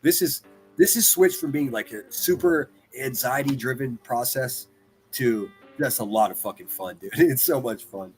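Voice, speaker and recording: A man hosting a livestream, reacting to clips with profane mockery, jumping from loud outbursts to muttered asides. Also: medium pitch, moderate pace, faint music behind. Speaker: livestream commentator.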